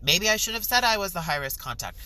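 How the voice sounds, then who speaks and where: A woman's voice: fairly low pitch, sing-song, quick pace, bright, forceful tone, low-quality recording. A young woman, ranting to the camera in a storytime vlog, exasperated and swearing. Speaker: vlogger.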